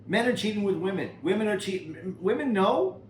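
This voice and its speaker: Higher-voiced man questioning in an echoey room. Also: expressive, brisk. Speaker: podcast co-host. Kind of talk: casual podcast chat. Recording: roomy echo with faint noise.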